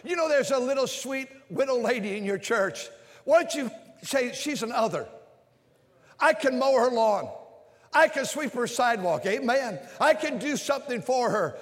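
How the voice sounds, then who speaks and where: A man preaching an impassioned sermon, swinging between shouts and quiet lines. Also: very high voice. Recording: long hall reverb.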